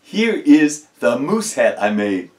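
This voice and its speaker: A man hosting a children's read-aloud, reading gently and slowly. His pitch rises and falls expressively with every line, in a mid-range voice. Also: very animated. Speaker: children's storyteller.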